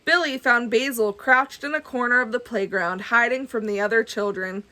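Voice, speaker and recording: A woman reading a children's book aloud, adding gentle, chatty asides for kids. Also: fairly high pitch, fairly even intonation, normal speed. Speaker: storybook reader.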